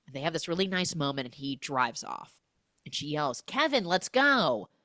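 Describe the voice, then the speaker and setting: A young adult woman hosting a podcast, recapping a film in a casual, animated storytelling way. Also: very deep voice, brisk, no echo, clean studio sound. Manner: animated storytelling, acting out characters. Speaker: podcast host.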